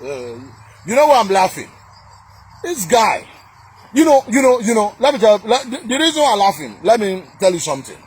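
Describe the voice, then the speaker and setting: A man's voice: high voice, big pitch swings, normal speed, darkish tone, slightly rough. A man with a Nigerian accent in a heated political rant, scornful and repetitive, with many fillers and restarts. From southern Nigeria. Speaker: commentator reacting to a video.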